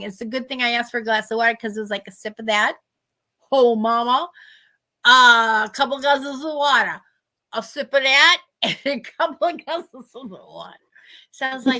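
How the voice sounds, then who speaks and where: A middle-aged woman, telling animated stories in casual chat and acting out the people she quotes. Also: on the high side, fairly quick. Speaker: host.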